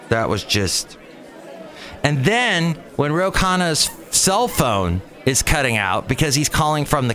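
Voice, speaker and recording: A man's voice: mid-range voice, a bit bright. A man hosting a show, chatting casually and telling a story with mocking asides. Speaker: host. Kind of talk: casual chat.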